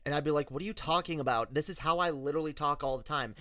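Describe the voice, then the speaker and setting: A man's voice: on the high side, rapid-fire, sharp tone, no room sound, studio quality. A man streamer talking frankly in a casual personal story, profane, with many restarts.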